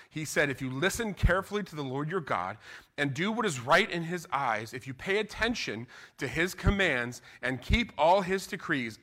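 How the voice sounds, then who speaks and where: A middle-aged man, preaching a sermon in an animated, conversational way and acting out what people say. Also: medium pitch. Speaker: pastor.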